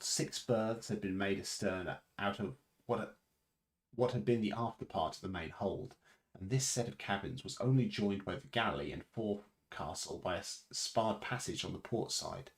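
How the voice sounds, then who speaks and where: Male reader, very low voice, reads a novel aloud on stream, stumbles and restarts now and then. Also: normal speed. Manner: unpolished reading with restarts and self-corrections; varies pitch and loudness for dialogue.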